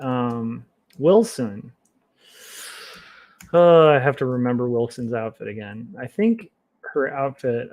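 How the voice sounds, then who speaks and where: A man streaming while he draws comics, chatting casually and thinking aloud in a relaxed, self-mocking way. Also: medium pitch. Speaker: comic artist streaming his work. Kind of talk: casual livestream commentary while drawing.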